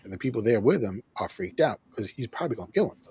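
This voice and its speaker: A man hosting a show, casually recapping an episode in an animated way, acting out lines and laughing often. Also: on the low side, fast, breathy edge, no echo. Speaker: host of a show reviewing an episode.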